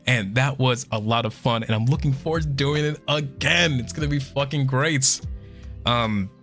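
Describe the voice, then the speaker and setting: A hoarse man chats excitedly on his stream, cursing freely as he goes. His voice is bright and forward. A little music plays quietly behind him. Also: medium pitch, normal speed. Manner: excitable, swears a lot. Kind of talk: casual chat stream.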